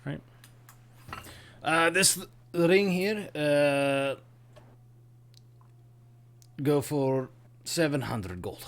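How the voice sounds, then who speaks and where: A man voicing a greedy male weapon shop merchant with an odd put-on accent, haggling slowly. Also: a little high, a bit bright, exaggerated voice. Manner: haggling, slow and drawn out.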